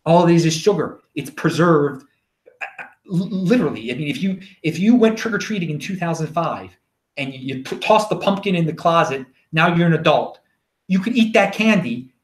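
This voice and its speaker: A man with a Baltimore accent rambles through his stories in a casual solo show. His fairly high voice swoops up and down a lot, and the room around him rings with echo. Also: normal speed. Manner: rambling, animated storytelling. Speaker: show host. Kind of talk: casual monologue.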